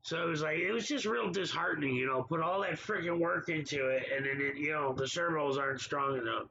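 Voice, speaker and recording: A man's voice: on the high side, a little fast, gravelly, bright, forceful tone, muffled recording, slight background noise. A man hosting a casual livestream, talking back to viewers in the chat by name in an exasperated way. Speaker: livestream host.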